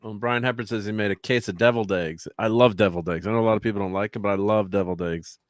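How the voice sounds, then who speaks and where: A man's voice: lowish voice, steady tone, very fast, no echo, studio quality. A man hosting a casual livestream chat, laughing often and trailing off mid-sentence. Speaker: livestream host.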